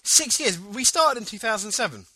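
A man co-hosting a casual podcast, with a high, sharply bright voice that leaps wildly in pitch. He laughs easily and circles back over his own words, recorded dry and close. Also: normal speed, slightly rough, dry recording. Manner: animated, laughs often, trails off and repeats words. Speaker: podcast co-host. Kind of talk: casual chat.

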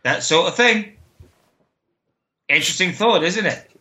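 A man co-hosting a podcast, trading blunt jokes and quick asides. His voice is high and bright, and it is recorded in an echoey room. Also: lively intonation. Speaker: podcast co-host. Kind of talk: casual chat.

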